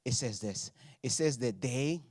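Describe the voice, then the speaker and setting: A man preaching a sermon in an animated storytelling way, acting out voices and laughing often. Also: medium pitch, measured pace, husky, dry recording, clean studio sound. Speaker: pastor. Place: church gathering.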